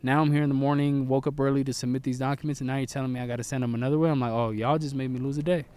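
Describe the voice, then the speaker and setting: A young man in casual chat, calm and explaining things at length. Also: medium pitch, racing, smooth. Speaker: co-host of a couple's channel.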